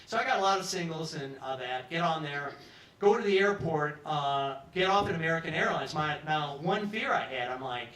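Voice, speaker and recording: A man's voice: on the high side, lively intonation, moderate pace, a bit bright. A man telling a long comic story to a pub crowd, rambling and conversational, acting out what people said. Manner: rambling, conversational, acts out quotes. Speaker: storyteller at an open mic. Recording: roomy live pub sound from a distance.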